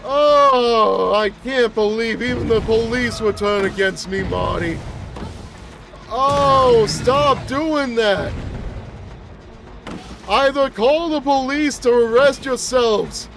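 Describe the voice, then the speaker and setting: A man's voice: extremely high pitch, slow pace, gravelly, heavily acted. A man doing a cranky old monster. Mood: grumbling. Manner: grumbling, rambling complaints with groans. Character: cranky rambling old man, a mutated flower-headed monster. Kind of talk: gameplay roleplay commentary.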